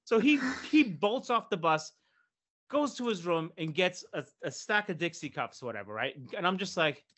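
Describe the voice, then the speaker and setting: A man in his fifties telling a story on a casual podcast, with a high-ish and very bright, forward voice. He is animated and profane, slipping into quick voices for the people in his tale. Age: 50s. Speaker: podcast co-host.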